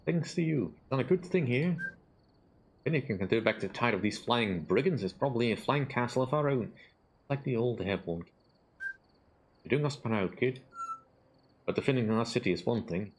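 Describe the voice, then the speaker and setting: A man's voice: mid-range voice, lively intonation, normal speed, pauses often, a little hiss or hum, natural voice. A man reading aloud the lines of a grateful, friendly village leader from a game, in an earnest, encouraging way.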